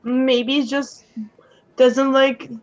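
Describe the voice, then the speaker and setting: A woman playing a tabletop game, soft-spoken and easygoing. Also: high-pitched, little pitch movement, extremely slow, muffled recording. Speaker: player. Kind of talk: casual tabletop play.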